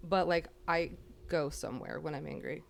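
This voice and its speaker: Young female co-host, low voice, blunt and profane. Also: moderate pace, vocal fry, a little hiss or hum. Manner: blunt, swears freely. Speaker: podcast co-host. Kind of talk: casual chat.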